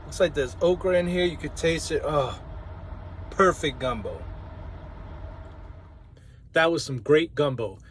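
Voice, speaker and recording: A truck driver from New Orleans with a New Orleans accent, chatting casually to camera in a vlog and laughing often. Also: male voice, fairly high pitch, a little slow, pauses often, fairly bright tone, a little hiss or hum. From New Orleans, Louisiana.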